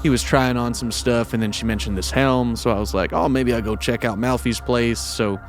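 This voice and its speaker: A man's voice: medium pitch, fairly even intonation, moderate pace, soft background music. A man role-playing a character at a tabletop game, rambling and hesitant with lots of ums and restarts. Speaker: player.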